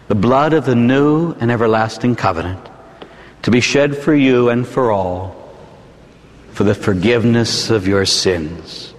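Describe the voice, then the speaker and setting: A man, a Catholic priest, preaching a dramatic sermon that swings from hushed to shouting, in a church. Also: medium pitch, lively intonation, normal speed, in a large hall.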